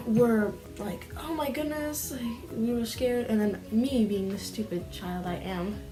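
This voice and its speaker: A woman's voice: mid-range voice, big pitch swings, extremely slow, pauses often, music in the background. A woman telling a story casually in a vlog, rambling and full of "like" fillers, restless as she talks. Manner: rambling, heavy use of "like" fillers; restless, fidgety while telling. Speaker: vlogger.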